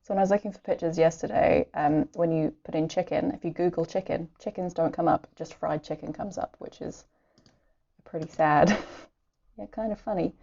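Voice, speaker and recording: A woman's voice: low voice, fairly even intonation, moderate pace, vocal fry, mellow. An Irish woman chatting casually and giggling to herself as she draws at home during a live stream. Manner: chatty, giggly, talks to herself while sketching. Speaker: art streamer. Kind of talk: casual chat while drawing. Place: home room. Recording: dull lo-fi stream audio.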